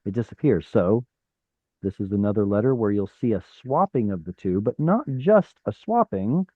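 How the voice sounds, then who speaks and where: A man's voice: on the low side, animated, moderate pace, breathy edge, dry recording, phone-quality sound. A man teaching an online Hebrew class, explaining step by step, sounding out letters and correcting himself as he goes. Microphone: video call.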